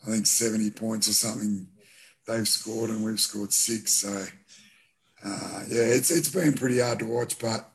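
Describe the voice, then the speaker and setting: Australian man with a low, flat voice. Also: measured pace, vocal fry. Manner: relaxed, many fillers and restarts. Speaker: guest, former rugby league captain. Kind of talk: casual interview chat.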